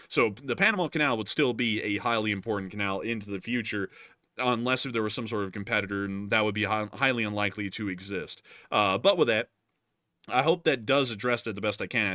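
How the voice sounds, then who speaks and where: A man's voice: lowish voice, no echo, clean studio sound. A man hosting a live news stream, reading super chats and answering them in a rambling, joking way. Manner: rambling, jokey, animated. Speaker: host.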